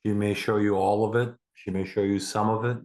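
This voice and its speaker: Man, lowish voice, meditation guide, slow, deliberate pauses, calm and reassuring. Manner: calm, reassuring, speaks directly to the listener.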